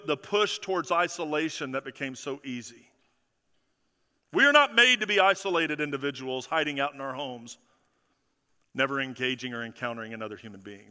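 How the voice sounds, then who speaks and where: A man preaching a sermon as pastor, emphatic and full of repeated phrases, often dropping soft and low for effect. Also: clear, resonant tone. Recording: long reverb of a large hall.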